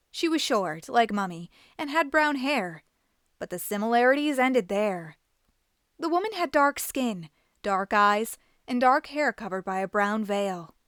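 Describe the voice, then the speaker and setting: A woman reads a children's story aloud with lively, expressive delivery. Her voice sits a little high and moves a lot. The recording is dry and close. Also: no echo. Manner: animated, expressive. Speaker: host and storybook reader.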